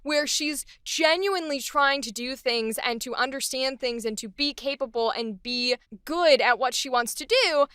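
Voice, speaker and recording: A woman's voice: high voice, sharp tone, smooth, no echo, clean studio sound. A woman voice actor talking through a character in a casual, enthusiastic, playful way. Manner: enthusiastic, playful, acts out quick snippets.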